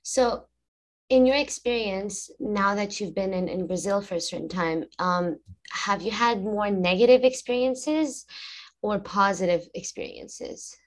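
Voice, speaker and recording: A woman interviewing a musician in a casual chat, curious and quick to laugh. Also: mid-range voice. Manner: curious, laughs easily, sings snippets.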